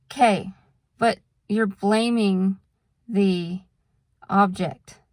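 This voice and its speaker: Speaking very slowly in a mid-range voice, this woman records a casual talking-head monologue with clean studio sound and no room sound. She explains things to camera patiently, using examples, and eventually slides into a frank rant.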